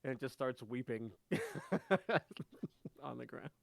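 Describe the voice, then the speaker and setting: A man's voice: mid-range voice, steady tone, fairly quick, creaky, no echo, clean studio sound. A man running a tabletop game as game master, narrating loosely with lots of fillers and frequent laughter.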